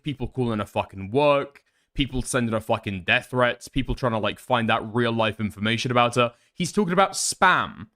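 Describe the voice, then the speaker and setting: A man's voice: mid-range voice, a bit bright. A man streaming casual commentary on online drama, sarcastic and profane, reading messages aloud.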